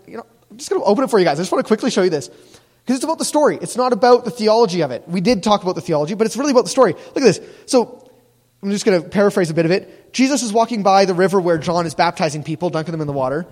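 A man with a high, light voice gives a relaxed, joking sermon as a youth pastor, laughing at his own asides. The sound rings with the long reverb of a big church hall. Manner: jokey, animated, laughs at own lines. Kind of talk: casual sermon.

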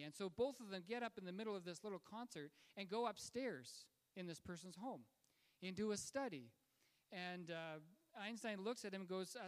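A man's voice: high voice, normal speed, smooth. Man preaching in a reverberant hall. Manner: conversational, with frequent fillers and restarts. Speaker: pastor. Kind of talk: sermon storytelling.

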